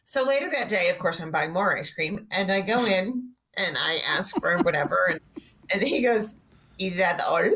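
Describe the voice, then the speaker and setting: A woman's voice: lowish voice, expressive, normal speed, pushed and bright. A woman guest telling a funny anecdote on a podcast, acting out quotes as she goes. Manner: chatty storyteller, acts out quotes. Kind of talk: casual comedic anecdote.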